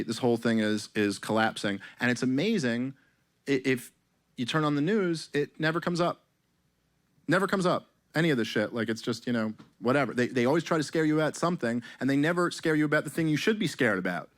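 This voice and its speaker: A man performing a stand-up comedy set on a club stage, talking sarcastically and profanely in an animated way, with mock voices. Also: medium pitch.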